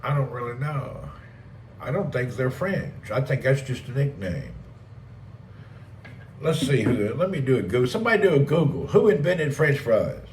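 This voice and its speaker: A man's voice: mid-range voice, big pitch swings, normal speed, a little mellow, slight background noise. A man hosting a casual live stream, rambling and joking as he reads and answers chat messages. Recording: roomy, distant mic with faint ambience.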